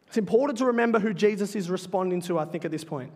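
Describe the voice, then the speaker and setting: A male pastor preaching a sermon in a church, earnest and emphatic, slowing down to stress key phrases. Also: sits high, a little mellow. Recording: long reverb of a large hall.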